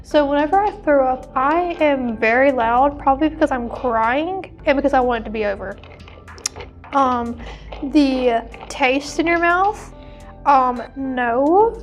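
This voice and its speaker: A woman's voice: sits high, measured pace, soft background music. A teenage woman co-hosting a podcast, chatting casually with frequent giggles and restarts. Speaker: podcast co-host. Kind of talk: casual chat.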